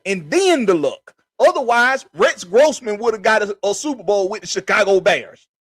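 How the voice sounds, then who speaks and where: A man's voice: high-pitched, lively intonation, moderate pace, fairly bright tone, dry recording, clean studio sound. A man hosting a sports podcast, talking heatedly with lots of repetition and swearing. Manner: emphatic, repetitive, swears freely. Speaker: podcast host. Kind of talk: heated casual sports talk.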